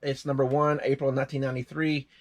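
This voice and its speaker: A man's voice: mid-range voice, little pitch movement, fast talker. Older Southern man, easygoing chat. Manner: plain, easygoing, chatty. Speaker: reseller co-host. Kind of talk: casual chat.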